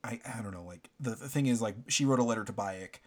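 A man's voice: on the low side, fast talker. Rambling man talking through a game. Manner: rambling, many fillers and restarts. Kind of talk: casual game review chat.

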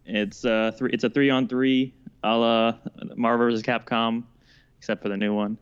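Smooth-voiced man co-hosting a podcast, lo-fi mic. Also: medium pitch, level tone. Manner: chatty, halting with fillers and restarts. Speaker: podcast co-host. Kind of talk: casual chat.

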